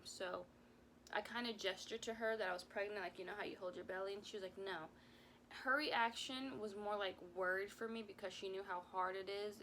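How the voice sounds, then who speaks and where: A woman's voice: mid-range voice, a bit bright, a little hiss or hum. A young woman in her twenties telling a casual story time vlog, rambling and heartfelt, with lots of "like"s. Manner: rambling and heartfelt, full of "like"s, close to tears at times. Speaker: mom vlogger.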